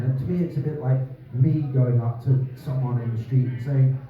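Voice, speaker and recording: A man's voice: mid-range voice, fairly even intonation, moderate pace. English male comic, rambling profane stand-up, distant tinny sound in a very echoey room. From England. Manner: rambling, profane, self-interrupting with frequent laughs. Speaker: stand-up comedian. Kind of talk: stand-up comedy set.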